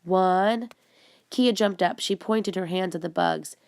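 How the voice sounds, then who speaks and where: Woman narrating a storybook, slight fry. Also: lowish voice, moderate pace. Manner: steady, expressive reading. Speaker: audiobook narrator.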